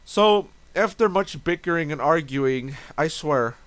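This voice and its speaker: A man's voice: a little high, lively intonation, measured pace, a bit bright, clear, resonant tone, no room sound. A young man casually recapping a tabletop game session, rambling, swearing and correcting himself. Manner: rambling, self-interrupting, swearing.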